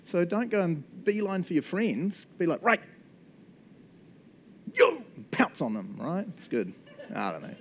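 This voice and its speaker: Brief: jokey New Zealand male pastor, animated sermon into a handheld mic. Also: a little high, moderate pace, slight background noise. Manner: chatty, joking, animated. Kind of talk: lively sermon. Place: church hall. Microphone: handheld microphone.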